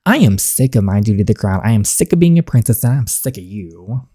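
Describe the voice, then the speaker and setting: A woman voicing a frustrated, sharp-tongued teenage princess in a story game, reading the lines plainly. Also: extremely low pitch, expressive, moderate pace, dry recording, studio quality, full character voice. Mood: bitter. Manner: reads the lines plainly while playing.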